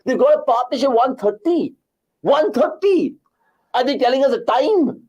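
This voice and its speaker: A man's voice: very high voice, animated, normal speed, darkish tone, husky, highs cut off. A man, co-hosting a live cricket watchalong, ranting in frustration and swearing often. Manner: heated, swearing, exasperated ranting. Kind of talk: live match reaction chat.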